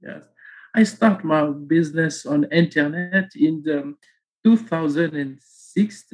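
A man from the south of France with a Marseille French accent, speaking halting English with many fillers as an interview guest. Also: fairly high pitch, low-quality recording. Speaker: guest, online seller.

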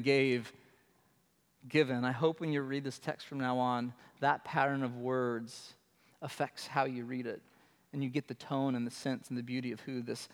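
A man preaching a sermon, earnest and emphatic, often repeating phrases for weight. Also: mid-range voice. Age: adult with children. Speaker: pastor. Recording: long hall reverb.

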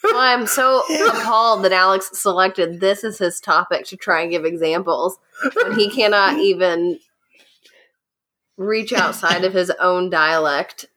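A woman's voice: fairly low pitch, a little slow, pushed and bright. A woman co-hosting a casual podcast, bantering and teasing her co-host playfully.

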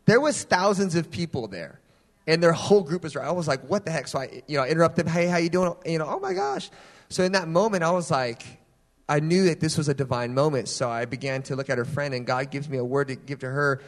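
A young adult man preaching a sermon, telling personal stories in a casual, animated way. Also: on the high side, fast talker. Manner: animated storytelling, casual phrasing. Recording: long hall reverb.

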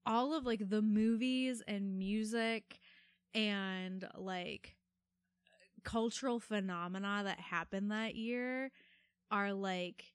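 A woman's voice: mid-range voice, fairly even intonation, slow, smooth, no room sound. A woman in her thirties co-hosts a casual podcast chat, rambling along with lots of "like" as she talks. Her voice sits in a middling register, and the mic is dry and close with no room sound. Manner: chatty and rambling, lots of filler "like". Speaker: podcast co-host.

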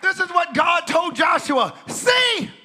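A man preaching a sermon, shouting declarations, then dropping to quiet teaching. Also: extremely high pitch, sing-song, slow pace, a faint crowd, a little hiss or hum. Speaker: pastor.

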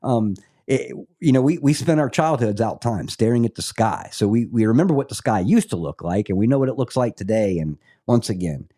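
A man's voice: on the low side, lively intonation, dark tone. A Scottish man hosting a casual Christian podcast, praying earnestly and chatting with guests. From Scotland. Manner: earnest, prays slowly, laughs often. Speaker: host.

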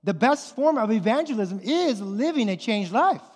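A pastor in his thirties preaches a sermon to parents in a casual, conversational style, often repeating his phrases. His voice is high with big pitch swings at a moderate pace, and the recording has long hall reverb over loud music.

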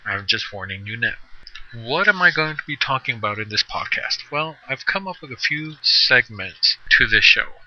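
A man's voice: medium pitch, animated, normal speed. A middle-aged man hosting his own podcast in a chatty, self-deprecating, conversational manner. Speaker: podcast host. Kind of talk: casual solo podcast monologue. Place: on the road. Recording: dull lo-fi sound.

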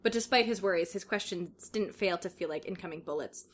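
A woman's voice: fairly low pitch, brisk, a little hiss or hum. A woman co-hosting a casual comedy podcast, reading a story aloud with dramatic flair and breaking into laughter. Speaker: podcast co-host reading fan fiction aloud.

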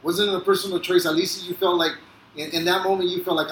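A man's voice: high-pitched, steady tone, quick pace, a bit bright. A man co-hosting a podcast, cursing and speaking with emphatic support. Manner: profane, emphatic, affirming. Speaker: podcast co-host. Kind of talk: casual chat. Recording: echoey room, faint noise.

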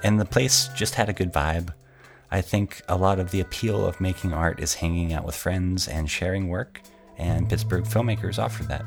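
A man with a low voice and vocal fry co-hosts a podcast. In scripted yet conversational narration, he explains local film history.

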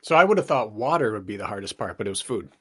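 A man's voice: lowish voice, big pitch swings, quick pace, fairly bright tone, slightly rough. A man co-hosting a podcast, telling an anecdote in an easygoing, casual way. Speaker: podcast co-host. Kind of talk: casual conversation.

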